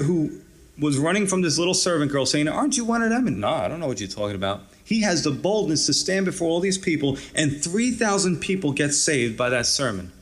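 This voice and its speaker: Higher-voiced man preaching conversationally. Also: a bit bright. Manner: casual and encouraging, with frequent "you know" and "right". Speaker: pastor. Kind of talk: conversational sermon.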